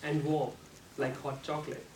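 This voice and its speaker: A man giving a prepared club speech on how to use the voice, speaking slowly and deliberately with non-native grammar, and now and then showing off sudden jumps in pitch and loudness. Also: little pitch movement. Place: meeting room. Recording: echoey room, speaker far from mic, faint noise.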